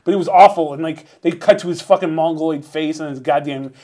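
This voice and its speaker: A man co-hosting a wrestling talk podcast, chatting casually, animated and swearing often. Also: fairly high pitch, fast. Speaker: podcast co-host. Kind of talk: casual chat.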